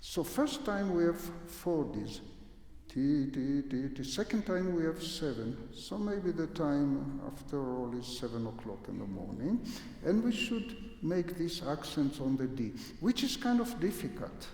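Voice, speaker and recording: A man's voice: a little high, very animated, a little slow, creaky, a little mellow. A man teaching a piano master class in a concert hall, coaching a young pianist with vivid images and humming phrases to show how they should go. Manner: sings and hums phrases to demonstrate; uses vivid imagery to explain the music.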